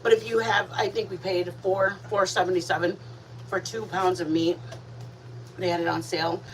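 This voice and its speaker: A woman's voice: on the low side, steady tone, moderate pace. An older woman hosting a home cooking livestream, chatting playfully with her viewers while she eats. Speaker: host of a cooking and eating livestream. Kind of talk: casual chat to viewers while eating. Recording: distant mic with background noise.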